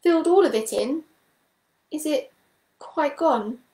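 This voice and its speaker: Fretful old toad with a high, shaky voice, read by a woman, roomy sound. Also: moderate pace, lightly acted. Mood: distraught.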